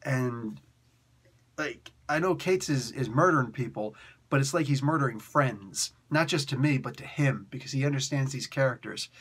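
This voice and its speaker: A man giving an excitable, slangy comic book review, laughing often and dropping into quick impressions. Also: mid-range voice, husky. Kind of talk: animated comic review rant.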